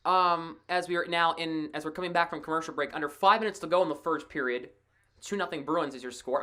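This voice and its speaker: With a voice that sits low, a woman does laid-back live hockey play-by-play as a fan commentator. She's excitable, laughs readily, and chats with a co-host between calls.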